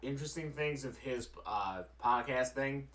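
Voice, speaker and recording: Young man, relaxed casual co-host. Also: medium pitch, measured pace. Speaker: podcast co-host. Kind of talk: casual chat.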